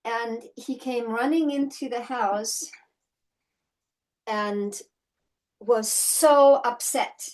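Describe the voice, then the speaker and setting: Slow-spoken woman horsemanship instructor from Germany. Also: a little high, poor audio. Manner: reflective, often adds "right?" as a check-in. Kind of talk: teaching session with personal storytelling.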